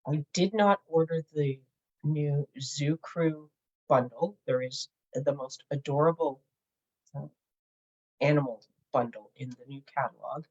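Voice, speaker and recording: In a dull lo-fi home recording, a middle-aged woman chats casually while crafting on her channel, giggling and thinking aloud. Her voice is low and a little mellow, with a breathy edge.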